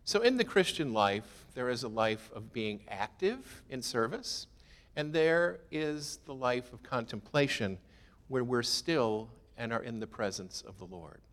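A man's voice: medium pitch, animated, unhurried, a bit bright. Conversational male preacher in echoing hall. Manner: conversational, rhetorical questions, self-deprecating humor. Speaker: pastor. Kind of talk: sermon.

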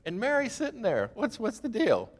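A man's voice: sits high, huge pitch swings, normal speed, pitched above the performer's own voice, heavily acted. A man voicing a flustered, busy woman host who complains, as a quoted figure in a sermon. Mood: exasperated. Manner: exasperated, complaining.

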